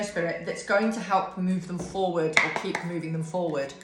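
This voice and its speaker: A woman's voice: lowish voice, fast talker, few pauses. A drowsy woman giving a casual tarot reading to camera, yawning and swearing freely. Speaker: tarot reader. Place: bright room at home, indoors. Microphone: camera on a desk with ring light. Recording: echoey room with faint music.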